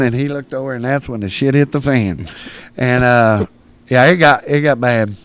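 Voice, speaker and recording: A man's voice: mid-range voice, moderate pace. A man, a podcast guest telling rowdy stories with lots of laughter. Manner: rowdy, laughing, acts out shouted quotes. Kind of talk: storytelling in casual chat.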